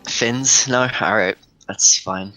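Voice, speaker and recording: A man's voice: fairly low pitch, takes it slowly, pushed and bright, rough recording. A young man giving casual, joking commentary on a live speedrun and reading out chat as he goes. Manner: joking, rambling, reads chat aloud. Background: faint game music.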